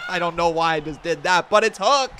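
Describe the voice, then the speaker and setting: A young man casually commentating on a wrestling video game, excitable and jokey. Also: fairly high pitch, a little hiss or hum. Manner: excitable, jokey, breaks into chants. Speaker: gaming streamer.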